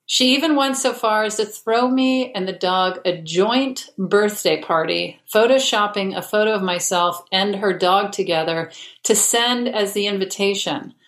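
Deadpan woman hosting over a video call. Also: medium pitch, measured pace. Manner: deadpan, dry. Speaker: podcast host reading listener questions. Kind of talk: casual comedic chat. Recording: roomy home video-call audio.

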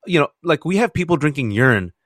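A man, an author, talking in a radio interview as an animated storyteller who laughs often. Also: fairly high pitch, fast talker, dry recording, studio quality. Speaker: author and guest.

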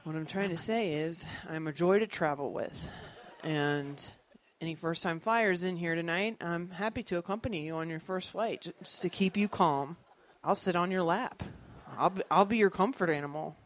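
Stand-up comedian, thirties, animated storyteller who acts out other voices. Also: medium pitch, moderate pace, a little hiss or hum.

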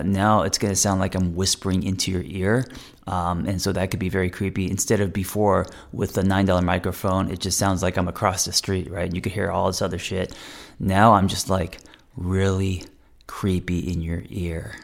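A low, gravelly-voiced man speaks into a studio mic in his home podcast room. He hosts his own self-help show as a therapist and talks casually. He rambles in a candid, self-deprecating way. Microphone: studio microphone with mixer.

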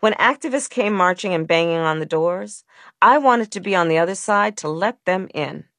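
A woman narrating her own audiobook in a measured, earnest way. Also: on the low side, expressive, fairly bright tone, dry recording, clean studio sound.

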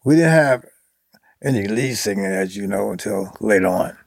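An older man being interviewed about his band's music, talking haltingly with many ums and you-knows. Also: on the low side, expressive, gravelly, no echo, clean studio sound. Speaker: musician guest. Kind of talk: casual interview talk.

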